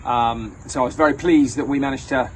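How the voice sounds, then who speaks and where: A man's voice: medium pitch, a little fast, a little hiss or hum, low-quality recording. A man giving a hesitant fan match review, full of fillers. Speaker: fan contributor.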